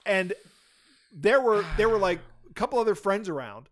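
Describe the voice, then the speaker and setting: A man with a high voice is telling a story with friends on a casual podcast. He argues his point. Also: expressive, normal speed, a bit bright. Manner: storytelling, argumentative. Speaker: podcast host. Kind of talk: casual chat.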